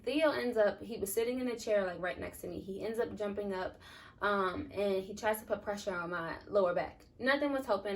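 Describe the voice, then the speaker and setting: A young woman telling a personal story in a casual, rambling way, full of fillers. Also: medium pitch. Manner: chatty, rambling with many "like" and "um" fillers. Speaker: vlogger. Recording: voice a bit distant from the mic.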